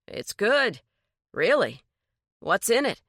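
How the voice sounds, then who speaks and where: A woman's voice: medium pitch, very animated, takes it slowly, fairly bright tone, slightly rough, no room sound, studio quality, voice pushed up, full character voice. A woman voicing James, a polite and cautious man who speaks hesitantly among friends.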